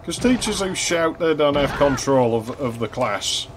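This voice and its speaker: A man's voice: fairly high pitch, expressive, moderate pace, background noise. A young man chatting casually while playing an old console game, telling a school story, laughing often and swearing freely. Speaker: gaming channel host. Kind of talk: casual gameplay commentary.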